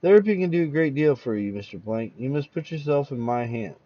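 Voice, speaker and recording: A man playing a calm, formal male doctor who speaks in a measured, clinical way. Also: mid-range voice, dull audio, close to an everyday voice.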